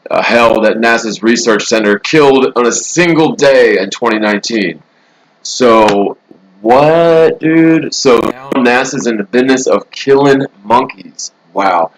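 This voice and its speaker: A man's voice: fairly low pitch, rough recording. Rambling, sarcastic male streamer. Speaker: live stream host. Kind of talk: casual live stream commentary. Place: hotel room. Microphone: laptop mic.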